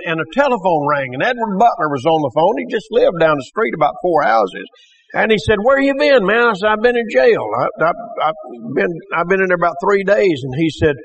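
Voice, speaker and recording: A man's voice: high voice, a bit bright, a little hiss or hum. A man giving a church testimony, telling his story in a folksy way and acting out the voices of people he quotes. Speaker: testimony speaker. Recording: dull lo-fi recording.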